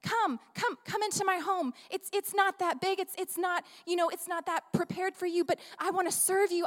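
A woman voicing an eager, flustered biblical hostess who stammers breathless pleas, higher than her own voice. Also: fairly bright tone. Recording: long hall reverb.

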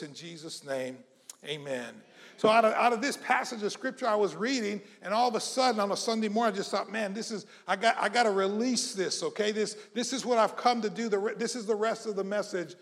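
Fervent pastor in a reverberant church. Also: male voice, high voice. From South Mississippi. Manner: fervent, repetitive, swings between hushed prayer and shouting. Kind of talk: sermon with congregational call-and-response. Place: church hall. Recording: long church-hall reverb.

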